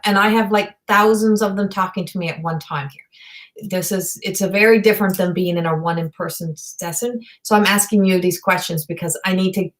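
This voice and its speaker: A woman giving a live online psychic reading. She talks in a halting, rambling way, full of fillers and restarts, and passes on messages in a direct, earnest manner. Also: medium pitch. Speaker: psychic medium. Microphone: video call or webcam.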